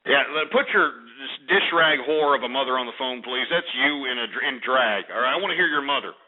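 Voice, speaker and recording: Ranting talk radio host, tinny sound. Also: male voice, mid-range voice, animated, fairly quick. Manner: ranting, profane and insulting. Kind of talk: call-in talk radio rant. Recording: tinny phone-like radio archive.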